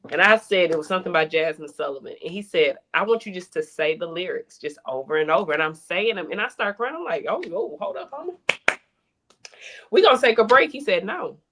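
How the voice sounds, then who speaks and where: A woman in casual conversation, telling stories with lively acted-out dialogue. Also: fairly low pitch, fast talker, hardly any pauses, slight background noise. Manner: animated storyteller, acts out quoted dialogue. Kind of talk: casual chat.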